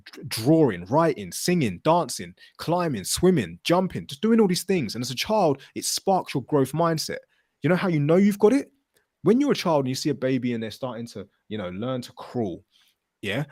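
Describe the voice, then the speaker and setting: A man hosts a casual podcast, talking with energy and the odd swear word. He tells stories and acts out quotes, his pitch jumping around. His voice sounds dry and close to the mic. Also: no room sound. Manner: animated, swearing, storytelling with acted quotes. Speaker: podcast host.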